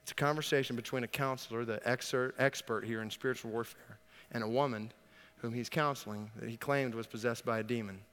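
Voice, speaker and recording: A male pastor preaching a sermon, emphatic, asking rhetorical questions and building to loud exhortation. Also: mid-range voice, fairly even intonation, fairly quick, smooth. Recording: long reverb of a large hall.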